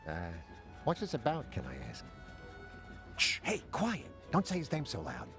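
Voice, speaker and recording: Skittish alien informant; hushed and conspiratorial, wildly swinging pitch. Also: male voice, wildly swooping pitch, moderate pace, heavily acted. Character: jumpy secretive alien informant. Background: faint game music.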